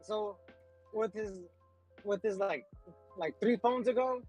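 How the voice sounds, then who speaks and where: A man's voice: high-pitched, slow pace, darkish tone, breathy edge, highs cut off, soft background music. A man complaining in casual chat, swearing casually.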